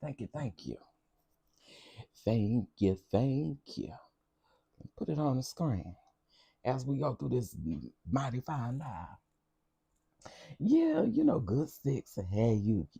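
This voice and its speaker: A man with a lowish, husky voice that swings widely up and down as he dishes sassy reality TV gossip to his live-stream viewers. His tone is warm and mellow, close to the mic, and the sound is dry. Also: takes it slowly, no echo. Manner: sassy, expressive, talks straight to viewers.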